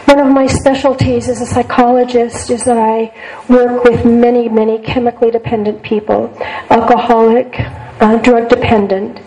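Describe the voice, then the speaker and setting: A woman's voice: on the high side, warm tone, low-quality recording. An older woman psychologist giving a talk to a group, speaking earnestly and repeating words for emphasis. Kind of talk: lecture to a group.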